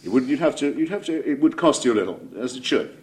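A man's voice: medium pitch, lively intonation, fast, darkish tone. Wry English man lecturing. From England. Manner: wry, digressive, self-interrupting with ironic asides. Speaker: lecturer giving a speech. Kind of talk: public lecture.

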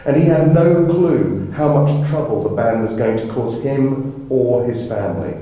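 A man's voice: medium pitch, animated, unhurried, heavy reverb, lo-fi sound. A man, the author and songwriter, reading a passage from his book on stage. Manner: reads a passage, then sings his song.

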